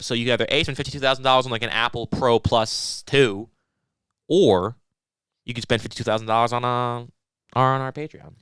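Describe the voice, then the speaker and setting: A young man co-hosts a casual podcast, spinning long joking riffs full of swearing and restarts. His voice is smooth and clear, at an ordinary pitch. It sits close and dry on the mic. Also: fairly quick, fairly bright tone, no room sound. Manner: rambling, profane, joking, many restarts. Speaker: podcast co-host.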